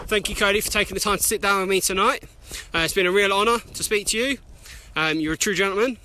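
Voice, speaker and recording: A man's voice: high-pitched, quick pace, noisy background. A man with a British accent asking formal, polite interview questions, with some hesitation.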